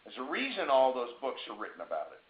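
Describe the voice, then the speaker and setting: A man giving a motivational webinar talk, conversational and emphatic, slowing down to stress key phrases. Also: mid-range voice, huge pitch swings. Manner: conversational, with asides and checks like "right?". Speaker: webinar speaker. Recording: roomy, dull lo-fi webinar audio.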